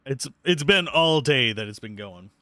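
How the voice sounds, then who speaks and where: Bright, lively man chatting while gaming. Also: mid-range voice, a little slow, no room sound. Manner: rambling, chatty, swears when annoyed. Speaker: livestreamer playing a video game. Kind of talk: casual gameplay commentary. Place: home computer desk. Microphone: close mic with earbuds at a PC.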